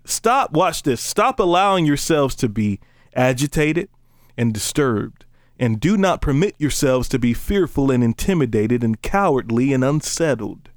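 A man preaching a casual, conversational sermon, joking between slow, emphatic scripture readings. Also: medium pitch, lively intonation, clean tone, dry recording, studio quality.

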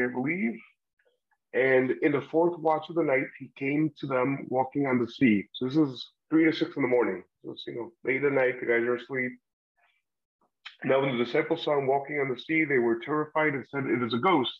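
Brisk and mid-range, this man's voice guides a relaxed podcast Bible study, wandering a bit with filler words and a laugh here and there. The recording sounds slightly muffled and lo-fi.

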